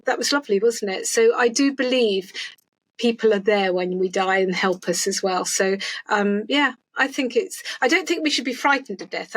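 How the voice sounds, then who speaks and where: A woman's voice: a little high, poor audio. Earnest woman telling a personal story. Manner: warm, earnest, heartfelt storytelling. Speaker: podcast guest. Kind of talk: casual interview chat.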